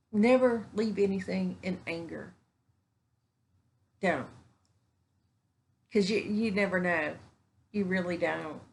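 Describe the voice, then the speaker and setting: Slow-talking woman vlogger. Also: mid-range voice. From Texas. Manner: warm, rambling, folksy, repeats herself for emphasis. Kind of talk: casual heartfelt talk to camera. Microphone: camera mic.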